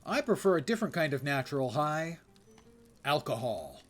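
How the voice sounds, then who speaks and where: A man's voice: on the high side, sing-song, normal speed, soft background music. An older man streaming a game, giving casual, wry, self-mocking commentary and reading quest text aloud.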